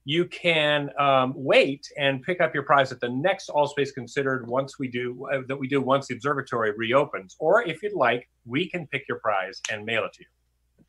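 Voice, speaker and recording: A man's voice: medium pitch, moderate pace, pushed and bright, breathy edge. A man, a regular on the show, explaining the music game from his home studio over a video call, out of breath and joking dryly. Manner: dry, playful humor. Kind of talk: casual live-stream presentation.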